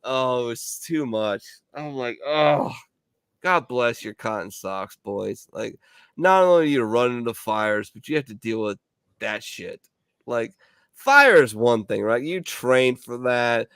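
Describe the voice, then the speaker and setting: A man, a veteran regular on the show, telling rambling, profane stories in casual bar banter and laughing loudly. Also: medium pitch, a little slow, clear, resonant tone, no room sound, clean studio sound.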